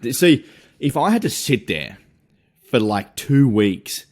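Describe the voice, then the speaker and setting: A podcast co-host talks slowly in a medium-pitched, slightly mellow voice that swings widely in pitch. His casual chat is laid-back and rambling, packed with fillers.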